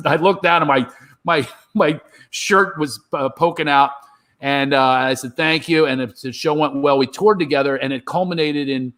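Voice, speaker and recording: A man with a fairly high-pitched voice, telling a story the way a stand-up comic would. He is animated and jumps into the voices of the people in his story, and he is talking over a remote video call. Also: normal speed. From Philadelphia. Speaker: comedian guest. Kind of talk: storytelling chat.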